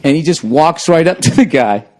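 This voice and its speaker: A man's voice: on the high side, moderate pace, slight background noise. A man hosting a podcast, telling a story in casual chat with heavy swearing and bursts of laughter. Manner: profane, animated, breaks into laughter. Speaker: podcast host.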